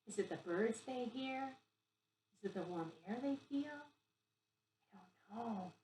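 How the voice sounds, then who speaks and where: A middle-aged woman, a pre-k teacher, gently guiding young children through yoga poses on video in an encouraging, sing-song way. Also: medium pitch, a little hiss or hum. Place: home room recorded on camera. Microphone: camera mic from a distance. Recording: echoey room, far from the mic.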